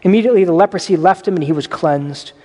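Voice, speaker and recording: A man preaching a sermon as pastor in a conversational way, with animated asides. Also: high-pitched, fast, long reverb tail. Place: church sanctuary.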